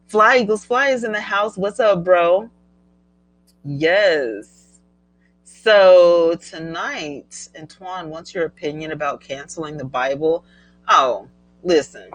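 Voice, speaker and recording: A woman's voice: on the low side, slow, no room sound, rough recording. Chatty middle-aged woman hosting a livestream. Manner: chatty and animated, laughing often while reading viewer comments. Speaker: livestream host. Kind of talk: casual live-stream chat.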